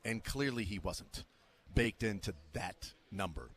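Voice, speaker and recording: Sports radio host, male, lowish voice, dry humor, on-location live show. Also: expressive, a bit bright. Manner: wry, joking, quick asides. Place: remote broadcast at an arena media day.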